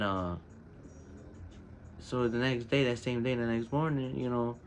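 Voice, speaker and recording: A man hosting his own show, telling a personal story in casual, profane street slang and getting animated when he quotes people. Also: medium pitch, a little hiss or hum. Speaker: podcast host.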